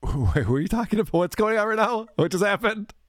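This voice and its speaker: Wry podcast host, lively voice. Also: male voice, high-pitched, quick pace, dry recording, studio quality. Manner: laughs easily, reads listener messages with wry asides. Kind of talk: casual podcast banter.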